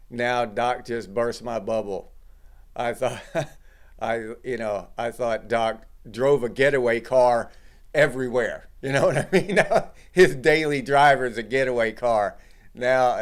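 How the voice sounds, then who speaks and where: Slow-talking middle-aged man on livestream. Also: mid-range voice, smooth. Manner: relaxed, chatty, reads and greets chat viewers. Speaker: livestream host. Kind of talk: casual livestream chat.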